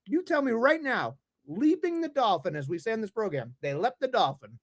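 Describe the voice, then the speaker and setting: A podcast co-host ranting heatedly about wrestling, swearing in nearly every line. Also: male voice, high-pitched, very animated, normal speed. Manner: swears constantly, heated rant. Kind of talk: profane ranting wrestling talk.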